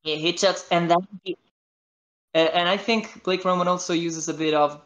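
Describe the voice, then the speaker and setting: A man with an Italian accent, a voice actor guest chatting in an animated, storytelling way on a podcast. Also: high-pitched, moderate pace, muffled recording. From Italy. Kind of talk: casual podcast chat.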